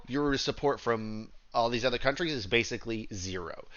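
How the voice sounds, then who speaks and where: A man serves as game master for a tabletop game, talking loosely and padding his lines with "uh"s and "y'all". His voice is bright and sharp-edged at a middling pitch. The recording is dull and lo-fi. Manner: loose and rambling, many "uh"s and "y'all". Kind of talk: running a tabletop game, casual.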